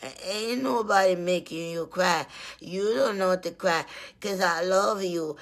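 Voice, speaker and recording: A woman's voice: medium pitch, a bit bright. A woman chatting casually with her viewers, teasing and laughing often.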